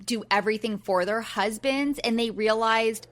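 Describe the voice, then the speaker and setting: A woman's voice: fairly high pitch, moderate pace, few pauses, fairly bright tone. A woman in her forties co-hosting a podcast, chatting easily and thinking aloud about a reality show. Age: 40s. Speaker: podcast co-host. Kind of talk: casual reality TV recap chat.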